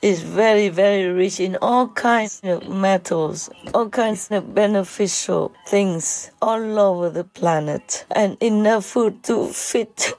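A woman giving a heartfelt spiritual talk, emotional and halting, choked up, with tearful laughs between words. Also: mid-range voice, warm tone, low-quality recording.

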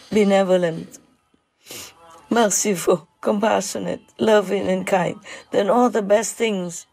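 Woman teacher, slow and halting delivery, gravelly fry in the voice, emotional spiritual address. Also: mid-range voice, a little mellow, dry recording, low-quality recording. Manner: halting, with many pauses and fillers.

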